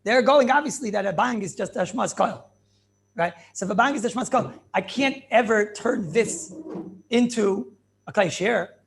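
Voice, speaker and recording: Animated rabbi, high gravelly voice. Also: male voice, normal speed. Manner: animated questioning, answers his own questions, repeats phrases. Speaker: rabbi teaching a class. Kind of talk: Talmudic class lecture with back-and-forth questions.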